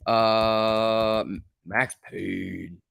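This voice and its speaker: A man's voice: lowish voice, wildly swooping pitch, drawn-out words, gravelly, fairly bright tone, smooth, no echo, clean studio sound. A man hosting a casual stock-market livestream, reading viewer comments and ranting bluntly with frequent filler words.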